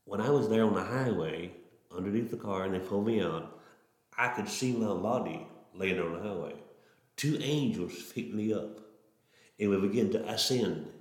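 A man's voice: lowish voice, moderate pace. A middle-aged man, a preacher telling his testimony in an earnest, folksy way with many restarts. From Oklahoma. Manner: folksy, earnest, repetitive starts. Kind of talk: testimony storytelling. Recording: roomy echo.

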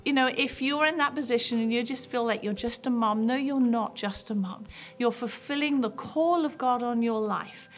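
A woman's voice: a little high, moderate pace. A woman pastor in her fifties sharing a heartfelt personal testimony with mothers, in an earnest storytelling manner.

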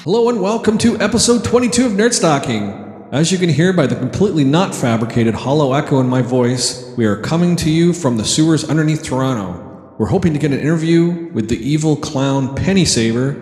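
A man hosting a comedy podcast, joking around with deadpan sarcasm. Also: medium pitch, fairly quick, breathy edge, clean studio sound, soft background music. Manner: jokey, playful, deadpan sarcasm. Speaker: podcast host. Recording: echoey reverb added on purpose.

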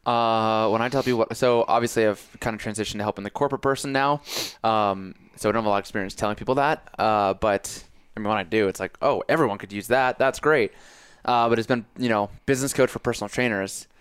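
A man's voice: fairly low pitch, quick pace, hardly any pauses, clear, resonant tone, no echo, clean studio sound. A young man from Connecticut, a business coach, chatting casually and telling stories with playful exaggeration. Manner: animated storytelling, playful exaggeration. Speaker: business coach for personal trainers. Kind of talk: casual chat.

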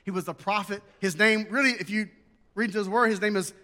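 A man in his forties, preaching with folksy humor and building emphasis. His voice sits high and sounds bright and forceful. The sound rings with the long reverb of a hall. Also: fairly even intonation, a little fast. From Southern United States. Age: 40s. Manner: folksy storytelling with jokes, rising to emphatic preaching. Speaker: pastor. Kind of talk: sermon.

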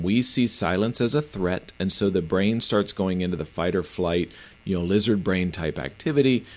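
A middle-aged man, a professional speaker and author, answering interview questions in an earnest, emphatic way. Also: deep voice. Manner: emphatic, earnest, explains in practical steps.

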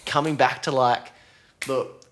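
Enthusiastic podcast host. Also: male voice, mid-range voice, fairly even intonation, unhurried, a bit bright. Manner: enthusiastic, casual, swears freely. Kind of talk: casual conversation.

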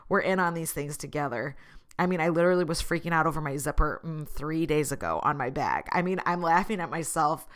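A woman's voice: deep voice, expressive, fairly quick. A woman talking through her thoughts in a casual, earnest vlog monologue, laughing at herself now and then. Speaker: vlogger.

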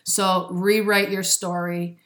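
A woman's voice: fairly low pitch, little pitch movement, slow pace, fairly bright tone. A woman speaking as a spiritual self-help speaker in a motivational monologue, earnest and preachy, often breaking into laughs.

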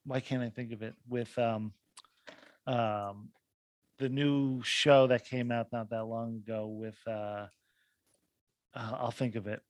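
A man's voice: medium pitch, fairly even intonation, takes it slowly, pauses often, dry recording. A man co-hosting a podcast, chatting casually about films, rambling and searching for words with lots of fillers. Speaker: podcast co-host.

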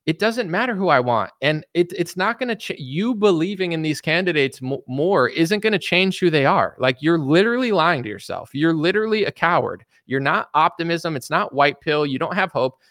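A man's voice: a little high, expressive, moderate pace, few pauses, a bit bright, dry recording, clean studio sound. Blunt, mocking male commentator. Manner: blunt, mocking, rambling with restarts. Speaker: political commentator. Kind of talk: casual opinion commentary.

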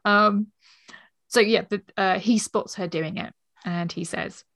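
A woman co-hosting a book podcast, chatting with a laugh and reading passages aloud in a soft, even voice. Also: medium pitch, slow, gravelly. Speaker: podcast co-host.

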